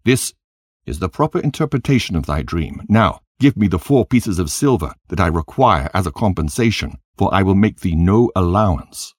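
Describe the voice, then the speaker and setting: A man voicing a cunning, greedy dream interpreter who talks smoothly and insists on payment. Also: low-pitched, lively intonation, normal speed, no echo, studio quality, voice pushed up. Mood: insistent.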